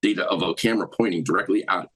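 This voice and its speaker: A man's voice: sits low, fast, noisy background. A man retelling case details in a rambling, run-on way.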